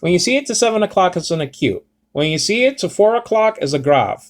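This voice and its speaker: Man with a somewhat high voice, talking through a Greek word study off the cuff and full of ums and restarts. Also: big pitch swings, fast. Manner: rambling, self-correcting, many fillers. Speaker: Bible teacher. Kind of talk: casual Greek word lesson.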